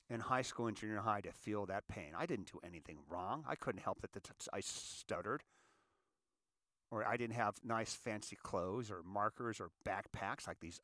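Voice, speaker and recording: A man of sixty from California, hosting a show and telling his story in an earnest, halting monologue that often repeats words. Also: on the low side, a bit bright, no room sound. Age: 60s. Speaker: show host. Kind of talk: confessional monologue.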